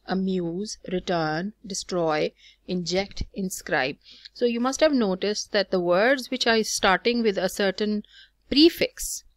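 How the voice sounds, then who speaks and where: A woman's voice: mid-range voice, unhurried, dry recording, studio quality. A woman teaching a recorded lesson on poetic meter, explaining step by step, counting through examples with frequent fillers. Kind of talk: recorded lecture on poetry.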